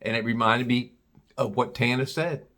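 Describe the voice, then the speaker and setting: A man's voice: medium pitch, fairly even intonation, moderate pace, fairly bright tone. A man from Ohio telling a casual story, rambling and repeating himself, with the odd curse word. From Cincinnati, Ohio.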